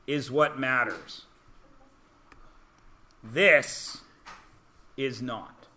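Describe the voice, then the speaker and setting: A man teaching a math class, lecturing in a brisk, teasing way and peppering students with rhetorical questions. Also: a little high, pushed and bright. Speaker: high school math teacher.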